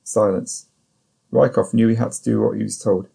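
A man narrating an audiobook in the first person, in a steady, measured way. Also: fairly low pitch, gravelly, slightly rough.

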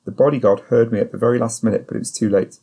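This is scripted first-person narration of a thriller audiobook, read by a man with a deep, gravelly voice and a dark, slightly husky quality. He holds a measured, unhurried pace and a consistently controlled delivery.

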